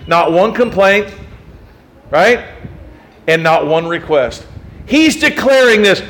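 A man's voice: fairly high pitch, lively intonation, unhurried, fairly bright tone, poor audio. A male pastor delivering a sermon in an emphatic, folksy way, with self-deprecating asides.

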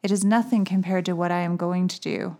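A woman hosting a devotional podcast, speaking clearly and reading scripture at a measured pace with dry humor. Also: fairly low pitch, fairly even intonation, a little mellow. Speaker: podcast host. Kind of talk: casual chat and scripture reading.

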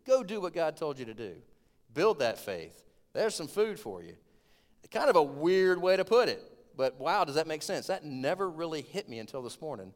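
A man, preaching a sermon as a lively storyteller who gets loud when retelling scenes. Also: mid-range voice. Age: 20s. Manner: storytelling, animated, rising to shouts in retold scenes. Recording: long hall reverb.

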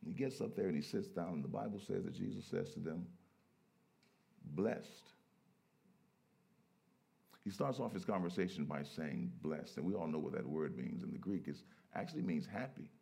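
A man preaching a sermon, who moves from low, quiet stretches to loud, emphatic peaks. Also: animated, normal speed, creaky, pauses often.

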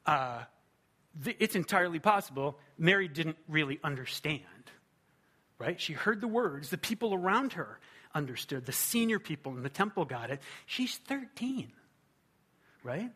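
A man preaching a sermon in a conversational, animated way, often asking rhetorical questions. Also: a little high, normal speed, breathy edge. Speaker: pastor.

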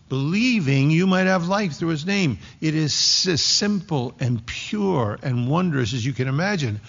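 Slow gravelly male preacher, lo-fi. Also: mid-range voice. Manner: slow, emphatic preaching with dramatic pauses. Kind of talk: sermon. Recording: dull lo-fi recording.

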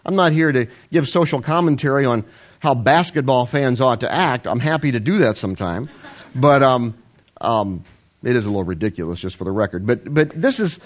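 A man's voice: mid-range voice, big pitch swings, fairly quick. A man, preaching a folksy, rambling sermon with self-deprecating asides. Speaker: pastor.

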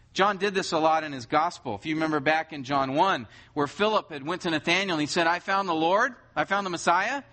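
A man's voice: high-pitched, sharp tone. A man preaching a conversational sermon to a congregation, often asking rhetorical questions. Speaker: pastor.

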